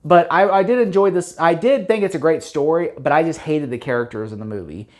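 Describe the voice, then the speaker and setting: A man's voice: fairly high pitch, fairly quick. Rambling man recapping a film. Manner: rambling, filler-heavy with many restarts and chuckles; blunt, opinionated. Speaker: movie reviewer. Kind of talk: casual spoken movie recap.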